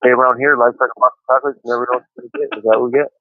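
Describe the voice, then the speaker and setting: A man's voice: mid-range voice, level tone, racing, no echo. Man joking over a tinny phone line. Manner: joking, laughing, rambling. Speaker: co-host calling in from prison. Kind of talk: casual chat over a phone call. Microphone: prison phone.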